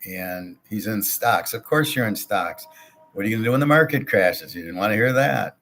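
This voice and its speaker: A man's voice: fairly low pitch, normal speed, fairly bright tone, a little hiss or hum. A man telling a story in a casual monologue, blunt and ranting, swearing and repeating himself. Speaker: show host, self-described economist.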